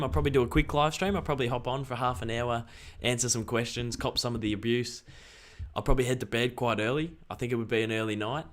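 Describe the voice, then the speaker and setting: A young Australian man chatting casually on a live stream, excitable and rambling. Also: mid-range voice, fast.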